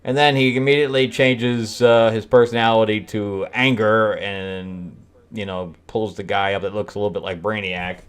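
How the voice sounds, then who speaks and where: A man's voice: fairly low pitch, steady tone, moderate pace, clear, resonant tone. A man hosting a casual comic book review, wry and mocking, often breaking into laughter. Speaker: host, screenwriter reviewing comics.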